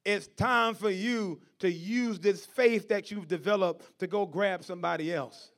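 Man, preacher, fiery sermon, gravelly texture, piercing tone, calls out to the congregation. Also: high-pitched, a little slow. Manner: stammering repetition building to shouts.

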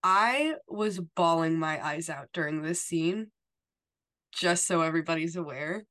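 A woman's voice: sits low, unhurried, fairly bright tone. A woman co-hosting a podcast, talking casually and emphatically, with lots of "like" and "you know". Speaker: podcast co-host. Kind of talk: casual chat recapping a TV episode.

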